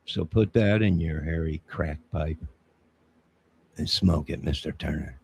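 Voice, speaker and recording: A man ranting on a live stream, preachy and confrontational, with a gravelly, husky voice. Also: very deep voice, measured pace, darkish tone. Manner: indignant, preachy, confrontational, keeps saying 'sir'. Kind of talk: rambling live-stream monologue.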